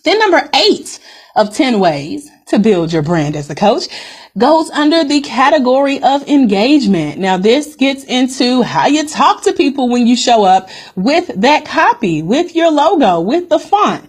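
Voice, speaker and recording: A woman's voice: high-pitched, sing-song, unhurried, husky. A woman business coach hosting a live-streamed coaching call, upbeat and direct, calling her viewers "guys" and repeating her key points.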